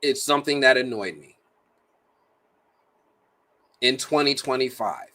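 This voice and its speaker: A man's voice: medium pitch, a little slow. A man reviewing a movie in a casual, jokey, slang-filled way. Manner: animated, slangy, jokey delivery.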